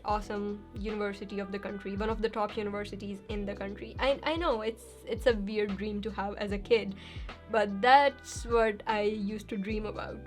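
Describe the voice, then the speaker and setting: A young adult woman chatting casually as a YouTuber answering viewer questions, upbeat, with thinking pauses and cheerful bursts. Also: on the high side. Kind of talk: casual Q&A chat.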